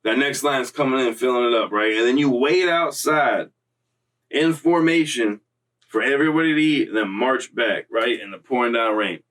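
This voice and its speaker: A man's voice: mid-range voice, moderate pace, a bit bright, distant mic, poor audio. Slangy, profane young man telling a story. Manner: streetwise slang, profane, loose and rambling. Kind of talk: casual spoken storytelling.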